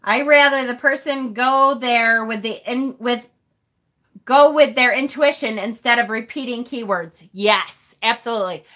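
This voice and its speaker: A woman's voice: on the high side, measured pace, bright, forceful tone. A woman hosting a live tarot stream, talking casually and animatedly with the occasional mild swear.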